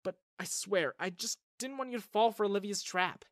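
A woman voicing a blunt, protective young woman with a sharp, scoffing way of talking. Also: medium pitch, moderate pace, no echo, studio quality, voice pushed up, natural voice. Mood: apologetic.

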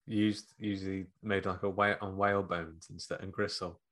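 A man co-hosting a podcast, talking in a laid-back, halting way. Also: deep voice, little pitch movement, a bit bright. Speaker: podcast co-host. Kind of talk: casual comedic chat.

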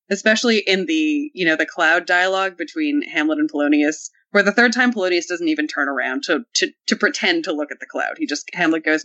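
A woman's voice: deep voice, fast talker, hardly any pauses, fairly bright tone, lo-fi sound. A woman on a podcast panel, chatting casually and acting out quoted lines in playful voices. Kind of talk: casual discussion.

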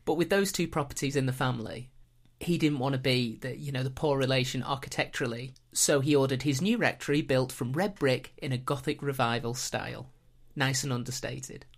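A woman's voice: rumbling low, fairly even intonation, fairly quick. A British woman hosting a podcast, telling a history story in a dry, wry way. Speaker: podcast host. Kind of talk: casual storytelling chat.

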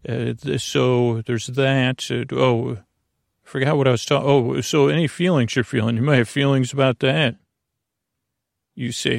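A middle-aged man hosting a sleep podcast, talking in a meandering, self-interrupting, soft and lulling way with a creaky voice. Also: medium pitch, no echo, clean studio sound. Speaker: podcast host. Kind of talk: rambling sleep podcast monologue.

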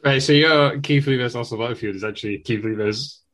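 A man hosting a casual podcast chat, judging the others' pitches with dry, wry remarks. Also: quick pace, fairly bright tone.

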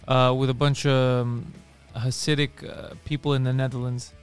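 A man's voice: medium pitch, flat delivery, normal speed, smooth, soft background music. A man co-hosting a podcast, chatting casually and teasing his co-host. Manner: teasing, steering the talk. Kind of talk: casual chat.

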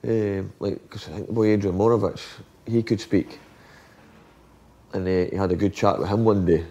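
A man's voice: fairly low pitch, fairly even intonation, moderate pace, dark tone, lo-fi sound. Swearing Scottish man telling stories. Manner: swearing, rambling anecdotes acting out quotes. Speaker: former footballer guest. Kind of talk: casual storytelling chat.

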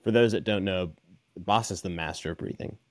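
A man hosting a podcast, chatting in a relaxed, conversational way with many fillers. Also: low voice, a little fast, no echo, clean studio sound. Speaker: podcast host. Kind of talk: casual interview chat.

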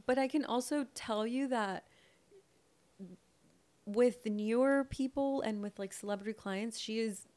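A woman's voice: fairly high pitch, measured pace, pauses often, a little mellow. A young woman co-hosting a podcast, chatting casually and acting out both sides of a conversation as she tells a story. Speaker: podcast co-host. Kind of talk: casual chat.

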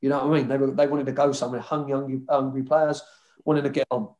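A man's voice: medium pitch, fast. A man, a former footballer telling stories in a casual interview, swearing and acting out conversations. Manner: swearing, animated retelling with quoted dialogue.

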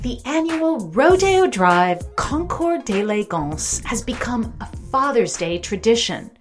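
A woman podcast host reading a scripted narration in a measured, clear way. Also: a little high, very animated, over music.

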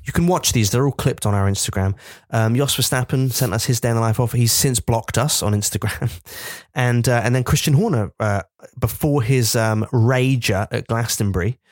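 A man's voice: mid-range voice, moderate pace, hardly any pauses, dry recording, studio quality. A man co-hosting a comedy podcast, chatting casually, with lots of fillers and easy laughter. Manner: hesitant, filler-heavy, laughs easily. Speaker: podcast co-host.

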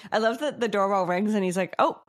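A woman's voice: medium pitch, steady tone, fast. A woman co-hosting a podcast in casual chat, teasing her friend and laughing often. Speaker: podcast co-host.

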